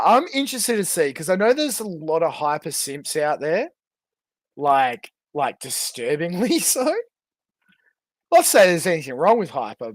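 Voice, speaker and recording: Slow, crude, mocking male streamer. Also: a little high, dry recording, studio quality. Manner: profane, mocking, laughs often. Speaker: streamer ranking online personalities. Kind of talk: casual crude live-stream commentary.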